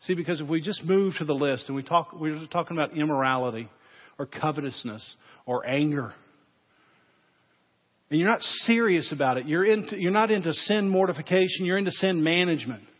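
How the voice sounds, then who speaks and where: An earnest male pastor preaching to his congregation, pressing them with direct, searching questions. His voice sits a little high for a man and carries a long church reverb, with a dull, muffled recording. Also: brisk. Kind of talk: sermon.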